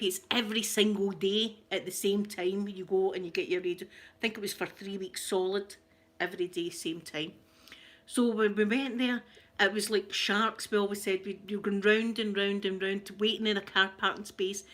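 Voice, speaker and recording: A woman's voice: medium pitch, a bit bright. A middle-aged Scottish woman hosting an ASMR channel, chatting casually and telling family stories, often laughing and acting out quoted voices. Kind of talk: casual storytelling chat.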